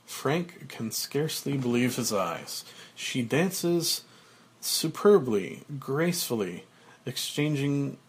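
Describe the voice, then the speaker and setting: Husky-voiced man, unhurried, reading stage directions from a screenplay. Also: medium pitch, very animated. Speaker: script reader.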